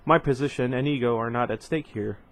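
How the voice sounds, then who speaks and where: A man voicing a cool, calculating male alien admiral in a measured, quietly menacing tone. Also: mid-range voice, natural voice. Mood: calm, cool.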